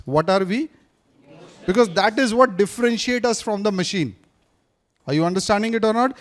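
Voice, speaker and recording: A man teaching a live class in a classroom, quizzing his students and repeating his points. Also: high-pitched. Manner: questions the audience, repeats points, switches briefly into Hindi. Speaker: speaking coach teaching a class. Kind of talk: interactive classroom lecture.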